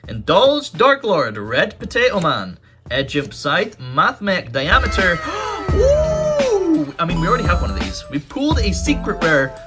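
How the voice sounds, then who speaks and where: A man hosting a casual card-opening video, excitable, swinging from low grumbling to loud outbursts and swearing. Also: normal speed, loud music behind the voice. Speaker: YouTube card-opening host. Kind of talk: casual pack-opening commentary.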